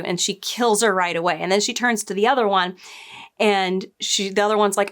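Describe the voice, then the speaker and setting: A woman's voice: medium pitch, steady tone, quick pace. A young adult woman casually reviewing a TV episode, retelling scenes in a chatty way with quoted lines and asides. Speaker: show reviewer.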